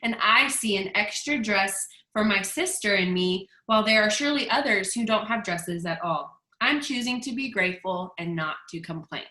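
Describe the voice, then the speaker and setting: A patient, wise young teenage girl speaks calmly and measuredly, as a woman reads her lines aloud. The voice is bright. There is a clear room echo. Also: mid-range voice, normal speed, few pauses. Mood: calm earnest. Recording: echoey room.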